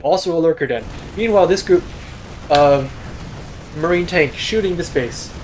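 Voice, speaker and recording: A young man giving casual, self-deprecating solo commentary on a strategy game replay. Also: on the high side. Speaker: game caster.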